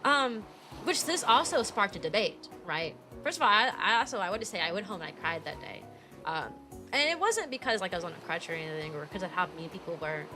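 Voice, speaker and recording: A woman in her twenties tells a story on her stream in a casual, rambling way, packed with fillers. She sounds indignant as she retells it, with music playing clearly behind her. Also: on the low side, sing-song, fast. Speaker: VTuber streamer.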